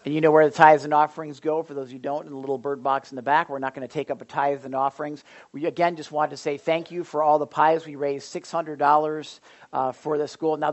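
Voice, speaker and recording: A middle-aged man pastor leading a church prayer and then giving announcements, folksy and animated with many fillers. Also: on the high side, lo-fi sound. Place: church service.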